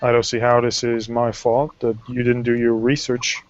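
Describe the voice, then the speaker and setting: A man's voice: mid-range voice, monotone, normal speed, lo-fi sound, natural voice. A man voicing a brash male mob boss who swears bluntly. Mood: gruff.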